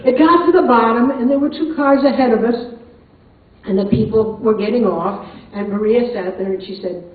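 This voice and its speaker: A woman's voice: fairly high pitch, moderate pace. Older woman storyteller, chatty and amused; tinny sound, very echoey hall, far from the mic. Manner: chatty, amused, laughs often. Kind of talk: live personal storytelling. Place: performance hall.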